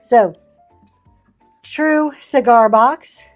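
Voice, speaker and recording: A woman's voice: fairly high pitch, very slow, faint music behind. Chatty woman running a live auction. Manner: chatty, thanks buyers by name. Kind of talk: live selling stream chat.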